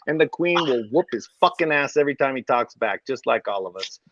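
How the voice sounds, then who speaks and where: A man bantering loudly on a casual talk show, joking and swearing. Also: mid-range voice, brisk, no room sound. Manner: loud, animated, swearing, jokey. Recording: dull lo-fi audio.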